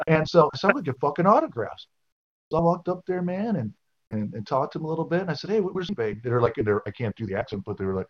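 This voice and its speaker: A man's voice: fairly high pitch, animated, fast, dull audio. A man co-hosting a casual podcast chat, telling loose anecdotes with many fillers. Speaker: podcast co-host.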